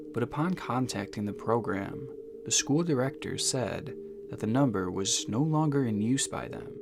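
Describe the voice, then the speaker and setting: A man giving scripted, suspenseful mystery narration, measured and slowing down for dramatic phrases. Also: medium pitch, creaky. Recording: narration over music.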